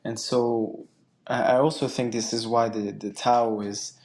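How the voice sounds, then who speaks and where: A man's voice: medium pitch, little pitch movement, unhurried, a little mellow. A man taking part in a casual spiritual discussion, speaking earnestly with many restarts and fillers. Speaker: guest participant.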